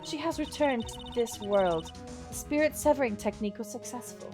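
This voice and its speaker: A woman voicing a calm, formal older nun in a slow, hushed manner, reading video game lines. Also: a little high, music in the background, close to an everyday voice. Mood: solemn. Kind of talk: playing a game's dialogue aloud.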